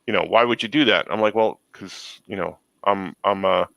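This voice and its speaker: A man's voice: lowish voice, moderate pace, creaky, a bit bright, no echo, poor audio. A man hosting a casual chat, telling long rambling stories. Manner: rambling storyteller. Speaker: host.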